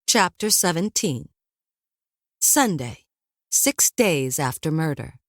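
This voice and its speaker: A woman narrating a first-person audiobook in a wry, lively storytelling manner. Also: sits low, slow pace, no room sound, studio quality.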